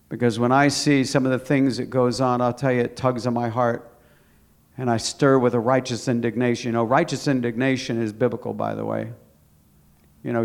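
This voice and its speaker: A male preacher delivers a sermon in an everyday mid-range voice. He urges his listeners again and again, repeating key phrases. He swells into forceful emphasis at his strongest points. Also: mid-range voice, vocal fry. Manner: emphatic, repetitive exhortation with rising intensity.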